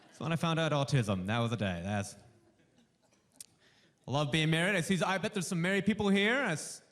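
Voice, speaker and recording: A male stand-up comedian doing a warm-up set for a studio audience, delivering punchy jokes and acting out bits of dialogue. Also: a little high, fast talker. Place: live comedy show before a studio audience.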